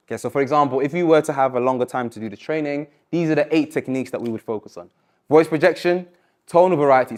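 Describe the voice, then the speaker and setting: A man coaching a live public speaking workshop, encouraging and lively, slowing down and dropping his voice to stress points. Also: on the high side. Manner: energetic, encouraging, varies pace and loudness for emphasis. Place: university lecture room.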